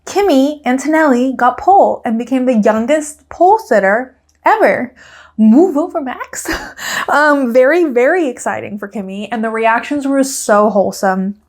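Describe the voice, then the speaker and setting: Chatty woman podcaster, fairly high voice. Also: lively intonation, moderate pace. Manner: chatty, giggly, acts out quotes in raised voices. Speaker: podcast host. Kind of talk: casual solo podcast recap.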